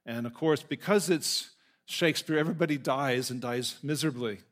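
Male pastor giving a sermon, mid-pitched, chatty storytelling, corrects himself now and then. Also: moderate pace. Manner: conversational, with asides and self-corrections. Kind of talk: sermon with scripture reading and storytelling.

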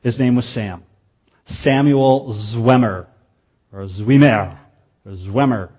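Earnest male preacher, slightly muffled. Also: medium pitch. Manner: earnest, measured, slows for emphasis. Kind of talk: sermon.

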